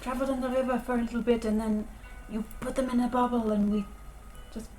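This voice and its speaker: A woman's voice: fairly high pitch, little pitch movement, a little fast, mellow, reverberant, soft background music. A British woman at a tabletop game, making dry, sarcastic quips. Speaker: player. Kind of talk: tabletop role-play chat.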